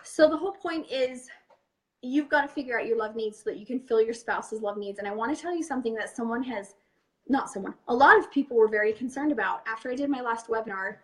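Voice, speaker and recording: A woman's voice: on the high side, quick pace, fairly bright tone. A young woman hosting a webinar, talking candidly and directly to an audience of women in casual chat. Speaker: webinar host and coach.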